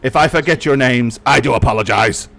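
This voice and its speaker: Man playing a robot butler type, stiffly polite, gravelly, mid-pitched, formal droid in a tabletop game. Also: fairly quick, a bit bright. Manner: stiffly polite, precise diction. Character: prim, formal male protocol droid. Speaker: droid character voiced by the game master.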